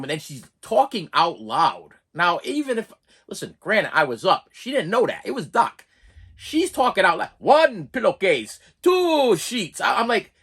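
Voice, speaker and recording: A young man telling a personal story in a casual vlog, animated and exasperated, often repeating and restarting words. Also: fairly high pitch, breathy edge. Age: young adult.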